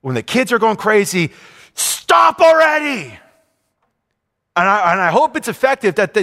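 A middle-aged male pastor preaches a sermon in a voice that sits high and sounds a bit bright. His phrasing is emphatic and repetitive, with intensity that rises and falls, and long hall reverb colors the recording.

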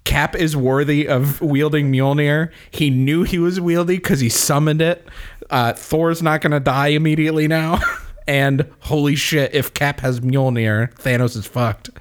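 A man co-hosting a casual movie recap podcast, excitable and laughing often as he talks in quick bursts. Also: a little high. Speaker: podcast co-host.

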